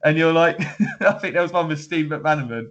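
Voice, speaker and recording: A man's voice: a little high, lively intonation, normal speed, a bit bright. Man, podcast co-host, casual chat, rambling, chuckling, muffled audio. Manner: rambling, laughing, many restarts.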